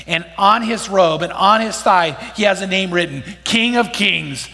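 Middle-aged preacher, high bright voice, storytelling sermon style, long reverb from a church hall. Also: male voice, moderate pace. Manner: storytelling with rhetorical questions to the congregation. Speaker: pastor.

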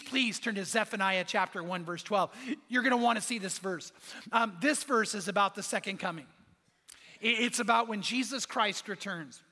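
Man, pastor, preaching a sermon, high and bright voice, long hall reverb. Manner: storytelling with quoted voices, emphatic repetitions.

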